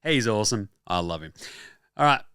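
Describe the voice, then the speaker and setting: An Australian man hosting a basketball show, talking casually and excitedly with frequent swearing and quick asides. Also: on the low side, smooth, no echo, clean studio sound. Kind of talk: casual sports talk.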